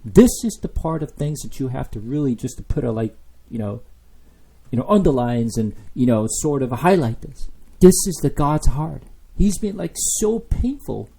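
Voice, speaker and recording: A man's voice: mid-range voice, big pitch swings, normal speed, vocal fry, dark tone, breathy edge. A man teaching a Bible study sermon, impassioned, full of rhetorical questions and "you know" fillers.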